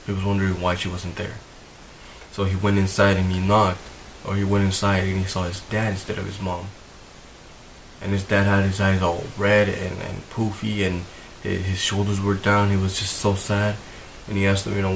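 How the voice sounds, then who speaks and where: Young male vlogger, deep and monotone, emotional and rambling, faint hiss on the track. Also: normal speed, gravelly, rough recording. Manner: emotional, rambling, repeats himself. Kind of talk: earnest talk to camera.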